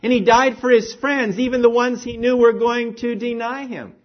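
A man preaching a sermon with animated emphasis, swinging between raised declarations and hushed, quiet phrases. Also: very high voice, normal speed, highs cut off. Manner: animated, rising and falling emphasis, drops to near-whisper.

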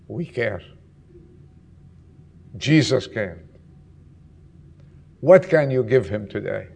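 Gravelly preacher, loud then hushed. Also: male voice, mid-range voice, animated, slow, long pauses. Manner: swings from loud questions to hushed, near-whispered lines. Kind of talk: sermon.

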